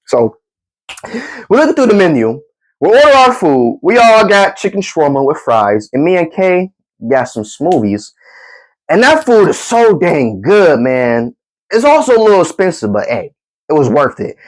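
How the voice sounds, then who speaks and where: Young male storyteller, animated and slangy, pitch all over the place. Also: normal speed, poor audio. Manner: animated, laughing, slangy, acts out friends with gasps. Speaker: comedic storyteller. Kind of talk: casual comedic storytelling.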